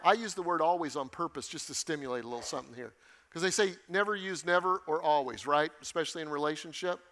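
A man preaching from the pulpit, his voice sitting high for a man and ringing bright. He leans hard on key phrases and repeats them for emphasis, in the measured, emphatic way of a seasoned pastor. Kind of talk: sermon.

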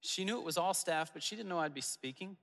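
A man preaching as a pastor, telling personal stories in an earnest way with soft asides. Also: sits high, fast, big-room sound. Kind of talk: sermon. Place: church auditorium.

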